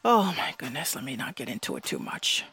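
A woman's voice: a bass voice, huge pitch swings, brisk, gravelly, bright, forceful tone, husky, no room sound. Heated, blunt woman with a Bronx accent. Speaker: host of an online radio show. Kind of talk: ranting casual talk.

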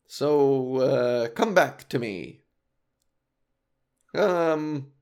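A man's voice: mid-range voice, a little slow. A man in his thirties hosting a comedy podcast alone, talking confessionally in a rambling, self-deprecating way with many restarts, emotional after a recent cry. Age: 30s. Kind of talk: confessional solo podcast monologue.

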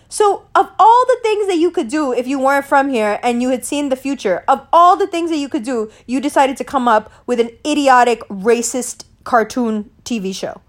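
A young woman hosting a casual podcast, ranting angrily with heavy cursing and emphatic repeats. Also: sits high. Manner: angry, profane, emphatic ranting. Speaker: podcast host.

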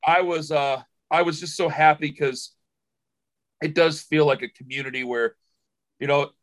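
A man who hosts a sports radio show, telling stories in a casual podcast chat. His voice sits a little high, and he rambles emotionally, repeating and restarting words as he goes. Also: fairly even intonation, normal speed.

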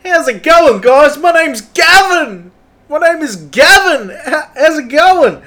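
An excitable young Australian tradie, as a man puts him on with a raised, bright voice. He talks loud and fast-tempered, tripping over his words in a broad Australian accent. The improvised comedy bit is full of cheer. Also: very high voice, voice pushed up, exaggerated voice. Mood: hyped. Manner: loud, excitable, rambling with stammers. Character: hyped, cheerful young Aussie tradie bloke.

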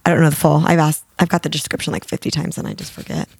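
A woman in her thirties, co-hosting a podcast in casual chat, talking freely and acting out her own reactions in quick quoted asides. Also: sits low, gravelly, slightly rough, dry recording. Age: 30s. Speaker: podcast co-host.

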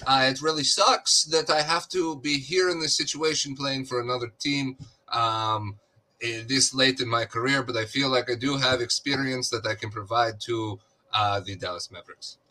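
A man's voice: mid-range voice, steady tone, normal speed, pushed and bright, natural voice. A man putting on an accent to mock a veteran basketball guard giving a solemn statement to the media. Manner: mock-earnest interview tone with an accent.

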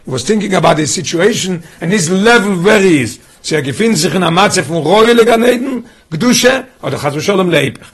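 A man leads a Torah study class in a high, husky voice. He keeps asking his listeners questions and starts phrases over as he works through the text. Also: expressive, fairly quick, few pauses. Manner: questioning, restarts phrases, quizzes students. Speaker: teacher.

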